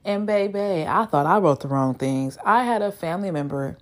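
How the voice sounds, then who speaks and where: A woman in her thirties tells a rambling story with plenty of animation. Her voice sits slightly low, and she swears casually as she goes. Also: moderate pace. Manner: animated, chatty, swears freely. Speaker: vlogger.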